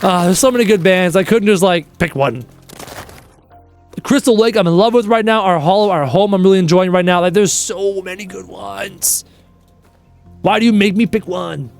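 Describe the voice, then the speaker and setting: Chatty high-voiced streamer guy. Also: moderate pace, faint music behind. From Canada. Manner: rambling, chatty, jokes and bursts into quoted bits. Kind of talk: casual chat with stream viewers.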